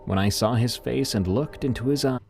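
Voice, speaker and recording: A man reading a first-person horror story in a measured, ominous way. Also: medium pitch, vocal fry, a little mellow, husky.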